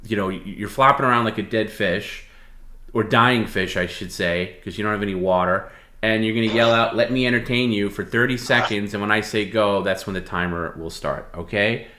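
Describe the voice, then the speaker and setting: A man with a lowish voice calmly giving orders and pushing for more during live stream banter. His voice rings in an echoey room. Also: moderate pace, a little hiss or hum. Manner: bossy, deadpan instructions. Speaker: stream co-host.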